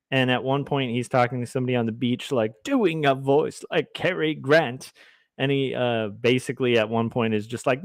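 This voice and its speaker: Here a comic artist livestreamer speaks at medium pitch, and the audio carries no room sound. He draws while chatting loosely, reading chat messages aloud, rambling goofily at his own expense, and playing with silly voices.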